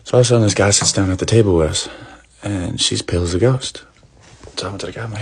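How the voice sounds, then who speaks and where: A man's voice: fairly low pitch, fast talker, a little mellow, husky. A man in his twenties with a Boston accent, chatting through a story and acting out the people in it. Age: 20s. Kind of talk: casual storytelling.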